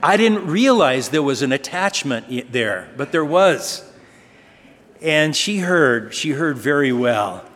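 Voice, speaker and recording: A man's voice: fairly high pitch, very animated, slow, a bit bright. A man preaching a sermon as pastor, telling stories conversationally and asking rhetorical questions. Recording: long reverb of a large hall.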